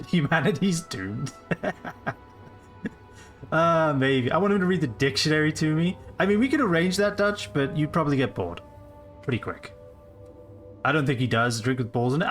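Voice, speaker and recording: A man in his late twenties chats his way through a game stream in loose, rambling commentary, cursing freely. His voice sits a little high and is very lively in pitch. Soft game music plays behind him. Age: late 20s. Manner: rambling, casual, swears freely. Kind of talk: live gameplay commentary.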